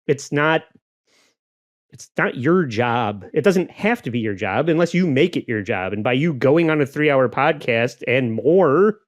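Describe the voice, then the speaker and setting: A man's voice: on the high side, no room sound. A man co-hosting a podcast, chatting casually with a wry, sarcastic edge. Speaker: podcast co-host.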